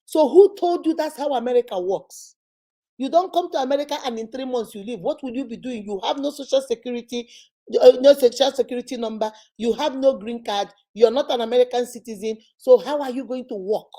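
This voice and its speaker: A woman's voice: a little high, a little fast, mellow. A middle-aged Nigerian woman hosting a casual vlog, telling stories with laughter and rhetorical questions. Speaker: host.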